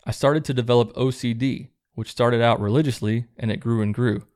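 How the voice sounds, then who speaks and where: A man hosting his own show, reading viewer letters aloud in a low-key, plain way and adding relaxed asides between them. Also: brisk, no echo, clean studio sound. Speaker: host reading viewer stories.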